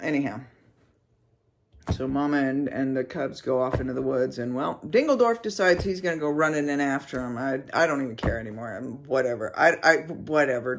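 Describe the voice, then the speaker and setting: Animated storyteller with mouth sound effects. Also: medium pitch, creaky, a little hiss or hum. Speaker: vlogger. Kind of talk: casual storytelling.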